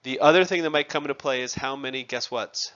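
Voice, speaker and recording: A male chemistry teacher lecturing his class in a loose, conversational way, tossing questions to students and making wry jokes at his own expense. His voice is bright and forceful, sitting at an ordinary pitch, and the recording is somewhat dull and lo-fi. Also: fast talker. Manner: conversational, asks students questions, self-deprecating asides.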